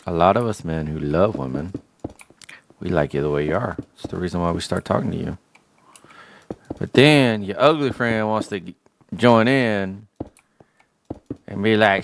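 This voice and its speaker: A man's voice: on the low side, normal speed, vocal fry, long pauses, a little hiss or hum. A man livestreaming a game, chatting casually in a slangy, joking rant. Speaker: gaming livestreamer. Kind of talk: casual chat while gaming.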